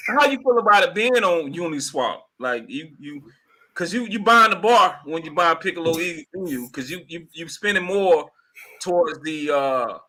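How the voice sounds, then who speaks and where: A man hosting a casual podcast chat, telling stories in an excitable, animated way with loud exclamations. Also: fairly high pitch, normal speed, low-quality recording. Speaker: podcast host.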